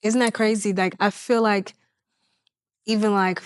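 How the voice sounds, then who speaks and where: A woman's voice: medium pitch, steady tone, a little slow, clear, resonant tone, no echo, clean studio sound. A woman interview host who talks in an empathetic, affirming, conversational way.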